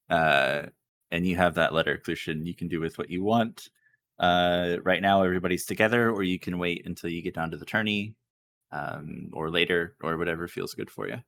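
A man narrating as game master of a tabletop game over a video call, relaxed and chuckling, with frequent fillers. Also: sits low, moderate pace, gravelly, a little hiss or hum.

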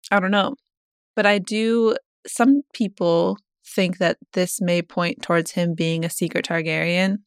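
A young woman co-hosting a podcast, discussing a book casually, thinking out loud and reading passages aloud. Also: lowish voice, steady tone, unhurried, smooth, no room sound, studio quality. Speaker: podcast co-host.

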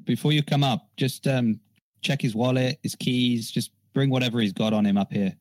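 A man's voice: mid-range voice, steady tone, normal speed, darkish tone, no room sound, low-quality recording. A man playing a tabletop game, talking through plans in a playful, scheming way and chuckling now and then. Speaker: player. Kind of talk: casual tabletop game play.

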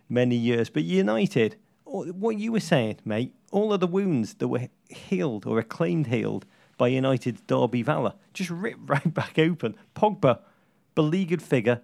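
A man's voice: mid-range voice, gravelly, a little mellow, no echo. A man co-hosting a comic football podcast, speaking in florid, theatrical phrases. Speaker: podcast co-host.

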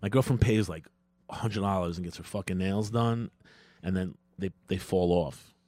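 A man's voice: sits low, moderate pace, no echo. A young adult man, a comedian co-hosting a podcast, telling rambling stories in casual chat. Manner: rambling, animated storytelling.

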